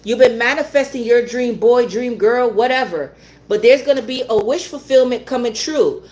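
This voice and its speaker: Her voice on the high side and a little mellow, a woman gives a tarot reading at normal speed. She doesn't sugarcoat things, says the same things more than once, laughs often, and sometimes swears.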